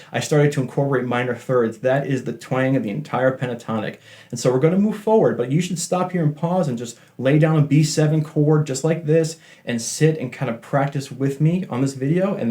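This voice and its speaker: A man with a warm, mid-range voice gives a casual, chatty guitar lesson. As the teacher, he jokes about himself and keeps apologizing for talking so much.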